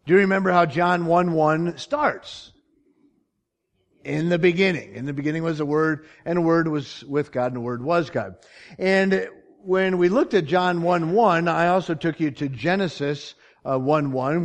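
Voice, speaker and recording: A man preaching a sermon from slides in a church, often checking whether his listeners follow him. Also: fairly high pitch. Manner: teaching from slides, asks the congregation questions. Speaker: pastor. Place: church sanctuary.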